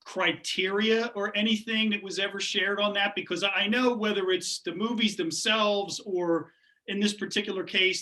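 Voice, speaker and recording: A man's voice: high-pitched, steady tone, moderate pace, sharp tone, low-quality recording. A man hosting an interview, asking questions and cutting in with short agreeing remarks. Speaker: interview host. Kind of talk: casual interview chat.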